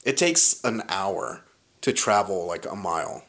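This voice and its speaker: Here the young man's voice is low-pitched and unhurried. Chatting casually on a podcast, he relates a wild story with plenty of swearing, laughing and animated all the while.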